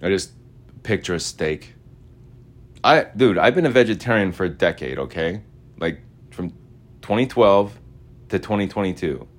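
A man hosting a podcast in a casual, meandering monologue, slangy and full of filler words. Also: low-pitched. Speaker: podcast host.

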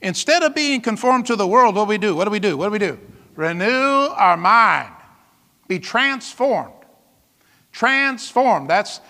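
A male pastor preaching with an emphatic, dramatic delivery, throwing out rhetorical questions and sudden exclamations. His voice sits high and sounds bright and forceful. It rings out with a long reverb, as if in a church hall. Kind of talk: sermon.

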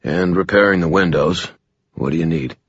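A man reading an audiobook, voicing a tired middle-aged male bookshop owner who speaks carefully and quietly. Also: low-pitched, normal speed, husky, dry recording, muffled recording, heavily acted. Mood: guarded, apologetic.

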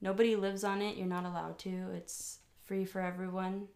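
Casting note: woman, mid-pitched, chatty podcast co-host who giggles and rambles. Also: little pitch movement, normal speed, darkish tone. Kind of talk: casual chat.

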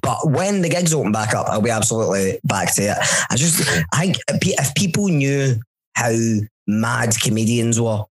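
A young Scottish man and stand-up comic, chatting on a podcast in an animated, jokey, sweary way. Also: mid-range voice, normal speed, slightly rough, poor audio. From Scotland. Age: young adult. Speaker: stand-up comedian, podcast co-host. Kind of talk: casual chat.

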